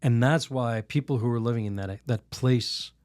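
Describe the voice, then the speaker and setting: A man, a priest on a podcast, telling a story and teaching in a lively, rambling way. He laughs often and restarts his sentences. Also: mid-range voice, normal speed, smooth, no echo, studio quality. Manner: animated, laughs while telling stories; rambling restarts, many "you know"s. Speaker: Catholic priest, podcast guest.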